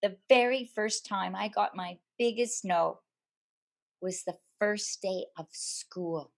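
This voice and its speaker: A woman from Canada, telling a personal story to an audience in a slow, deliberate way with dramatic pauses. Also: mid-range voice, creaky. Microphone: camera.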